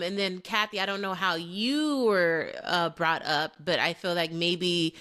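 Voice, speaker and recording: Woman, young adult, lowish voice, earnest, reflective, casual podcast chat. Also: sharp tone. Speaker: podcast co-host.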